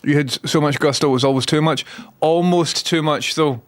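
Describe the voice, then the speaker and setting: A man's voice: on the high side, fairly quick. A man with a Scottish accent hosting a casual livestream, chatty and self-mocking, swearing freely as he talks to his chat. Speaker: livestream host.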